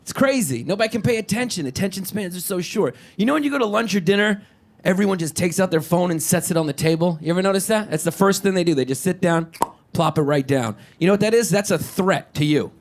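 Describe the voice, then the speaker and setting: A man doing a stand-up comedy set, animated and conversational, asking the crowd questions. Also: high-pitched, fast talker.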